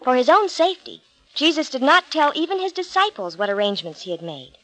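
A woman narrating a Bible story for a storybook reading, steady and clear. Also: high-pitched, a little fast, rough recording.

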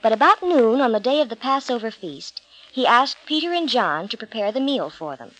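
A woman narrating a Bible story for a storybook reading, steady and clear. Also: on the high side, normal speed, rough recording.

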